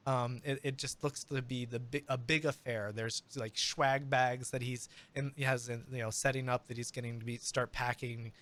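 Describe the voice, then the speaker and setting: Bright-voiced man running a tabletop game. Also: medium pitch, little pitch movement, moderate pace, hardly any pauses. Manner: rambling, lots of fillers. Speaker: game master.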